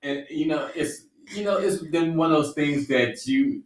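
A man's voice: a little high, moderate pace, distant mic. A man co-hosting a podcast in casual chat, who keeps giggling through his lines. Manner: giggly, apologetic laughter. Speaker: podcast co-host. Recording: roomy, off-mic.

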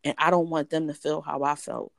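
A woman guest telling a personal story in an animated way, acting out the voices of others. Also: low voice, brisk, creaky, dry recording, studio quality. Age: adult. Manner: animated, acts out voices in quotes. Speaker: interview guest.

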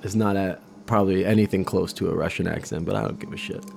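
A man's voice: low-pitched, fairly even intonation, quick pace, vocal fry, a little mellow. A man giving casual, rambling commentary while he watches a movie, chatty and a little profane. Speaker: vlogger doing movie watch-along commentary.

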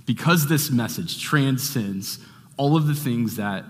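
A man's voice: medium pitch, animated, measured pace, long reverb tail. A man giving a sermon as a pastor, talking in a loose, conversational way with restarts and fillers.

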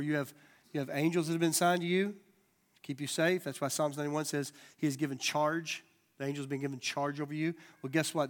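Male preacher, high-pitched, lively and conversational from the pulpit. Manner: animated preaching with folksy asides. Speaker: pastor. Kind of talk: sermon.

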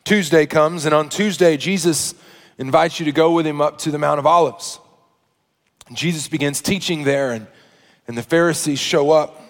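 A man preaching a sermon, telling a story that moves between hushed asides and loud, emphatic preaching. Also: on the high side, moderate pace, in a large hall. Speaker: pastor.

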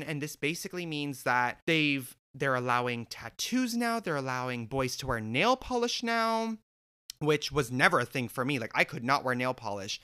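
Bright, sassy, profane young man storyteller. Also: on the high side. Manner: sassy, profane, animated, mimics other people in quotes. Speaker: vlogger telling a story. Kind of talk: casual storytelling.

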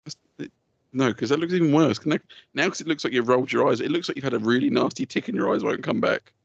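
A man's voice: medium pitch, animated, fast, vocal fry, slightly rough, no room sound. A man co-hosting a podcast, chatting casually and teasing his partner with crude jokes. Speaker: podcast co-host. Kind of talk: casual chat. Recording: dull lo-fi dry sound.

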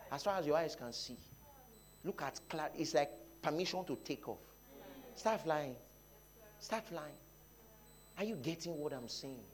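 A Nigerian man preaching a sermon, dropping to quiet talk and rising to loud shouts, often repeating his phrases. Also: fairly high pitch, animated, moderate pace, long pauses. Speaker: pastor. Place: church hall.

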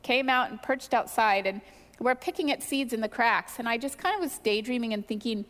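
Middle-aged woman, higher voice, candid testimony sermon, long hall reverb, animated and self-deprecating. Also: fairly quick. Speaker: pastor's wife sharing testimony.

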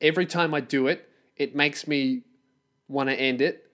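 A man's voice: mid-range voice, steady tone, moderate pace, fairly bright tone. A man, hosting a solo podcast and ranting in a profane, exasperated, sarcastic way. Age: 20s. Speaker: podcast host.

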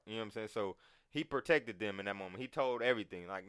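Guy chatting casually, bright clear voice, lots of cussing, acts out what people say. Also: medium pitch, quick pace, dry recording, studio quality. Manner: animated, profane, acts out quotes. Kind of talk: casual chat.

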